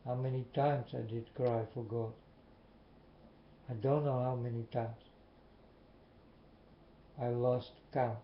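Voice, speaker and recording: Man talking very slowly and earnestly straight to camera, muffled echoey recording. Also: mid-range voice, little pitch movement. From Netherlands. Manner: slow, repetitive, earnest questioning. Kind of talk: slow earnest monologue to viewers. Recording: muffled, echoey room with faint hiss.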